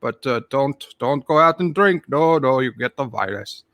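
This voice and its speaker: A man's voice: medium pitch, animated, moderate pace, fairly bright tone, dry recording. A man doing a jokey leprechaun with a put-on Irish brogue. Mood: cheery. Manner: rambling, jokey, full of "aye" and "wee lad". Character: jolly Irish leprechaun man spinning tall tales. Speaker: channel host. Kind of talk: comic character monologue.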